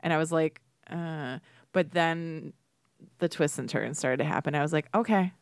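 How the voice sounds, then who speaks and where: A woman's voice: deep voice, normal speed, clean tone, no room sound, clean studio sound. A woman co-hosting a podcast in casual, rambling chat full of fillers. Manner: chatty, rambling with many fillers. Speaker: podcast co-host.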